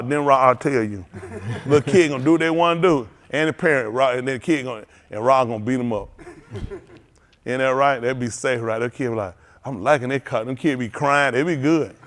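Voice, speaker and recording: A middle-aged man, preaching an animated sermon as pastor, laughing and calling out to the congregation. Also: medium pitch, fairly quick, slight background noise. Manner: animated preaching with laughs and audience call-outs.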